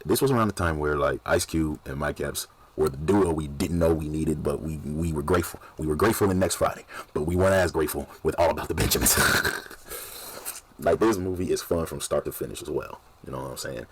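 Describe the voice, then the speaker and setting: A man's voice: a bass voice, a little fast, husky. A man casually reacting to a movie, animatedly retelling scenes and laughing often.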